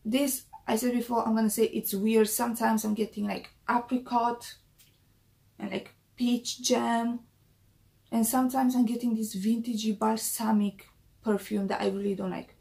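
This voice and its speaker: A woman with a slightly high, gravelly voice, chatting casually to camera in a perfume review vlog. Her tone is mellow and dark, and she often repeats her main points for emphasis. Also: level tone, moderate pace.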